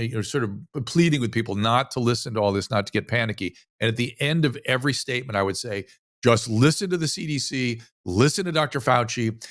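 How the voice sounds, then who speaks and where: A man's voice: medium pitch, no room sound. Man talking animatedly, dry close sound. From United States. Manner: animated storytelling with frequent restarts. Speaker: physician, interview guest. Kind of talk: casual interview conversation.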